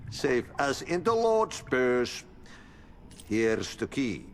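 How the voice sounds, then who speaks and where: A chuckling Finnish janitor. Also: male voice, mid-range voice, big pitch swings, very slow, slight background noise, full character voice. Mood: cryptic cheerful. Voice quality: sing-song, chuckling, folksy sayings. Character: cheerful eccentric Finnish janitor, man, speaks in proverbs. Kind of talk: video game dialogue.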